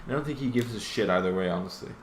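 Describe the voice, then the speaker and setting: A man's voice: on the low side, very fast, slight background noise. A man co-hosting a casual podcast, blunt and joking, swearing casually. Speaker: podcast co-host.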